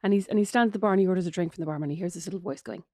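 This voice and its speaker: A woman in her thirties with an Irish accent co-hosting a casual podcast chat with her sister, an animated storyteller who does voices. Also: fairly low pitch, very fast, dry recording, clean studio sound. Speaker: podcast co-host.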